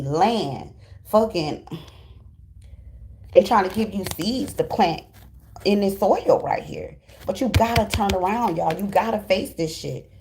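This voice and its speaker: A woman's voice: medium pitch, darkish tone, a little hiss or hum. A woman giving a casual tarot reading to her viewers, in a blunt, profane and emphatic voice full of slang. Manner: slangy and fast-flowing, acts out quoted voices. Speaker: tarot reader.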